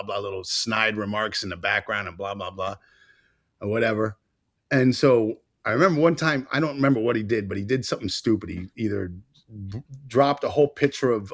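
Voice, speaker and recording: Animated storytelling male podcast host. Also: on the low side, no echo, clean studio sound. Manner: animated storyteller, acts out quotes. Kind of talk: casual podcast chat.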